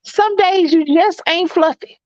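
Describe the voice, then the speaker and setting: A woman's voice: very high voice, unhurried, darkish tone, no echo, muffled recording. A woman with a Southern accent co-hosting a casual live stream, talking bluntly and emphatically, often repeating herself. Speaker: co-host.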